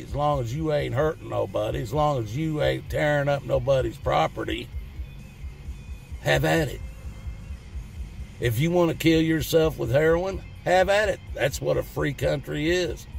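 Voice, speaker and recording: With a slightly high voice and vocal fry, a middle-aged Southern US man hosts his channel and delivers a blunt, folksy, cussing opinion rant to camera.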